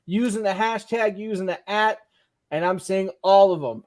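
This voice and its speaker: A man hosting a live-streamed show, reading out chat messages and giving loose, joking shout-outs. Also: sits high, normal speed. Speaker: podcast host.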